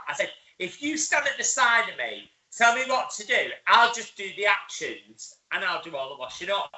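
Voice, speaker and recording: A man's voice: high voice, big pitch swings, moderate pace, hardly any pauses, pushed and bright, poor audio. A man telling rambling funny stories in casual chat and laughing a lot, as a show host.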